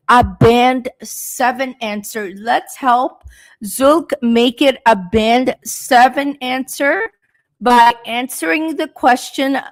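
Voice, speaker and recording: Young woman, English teacher hosting a live class; slightly high voice, speaks slowly and clearly for learners. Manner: slow, deliberate, encouraging teaching delivery. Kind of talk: live-stream lesson.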